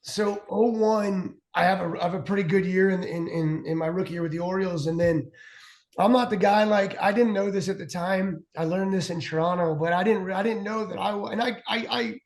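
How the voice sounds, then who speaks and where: A man in his forties, a former pitcher who is a guest on a show, telling long stories in a rambling way with many restarts and fillers. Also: steady tone, fairly quick. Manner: rambling, restarts a lot, heavy "like". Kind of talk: casual storytelling chat. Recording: roomy echo.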